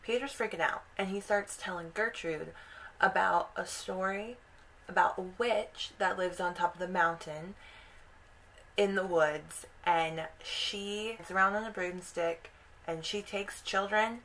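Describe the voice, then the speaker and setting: Young woman vlogger, casual and animated, slow-paced storyteller who acts out quotes. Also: on the low side, rough recording. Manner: animated retelling with quoted voices. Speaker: video host.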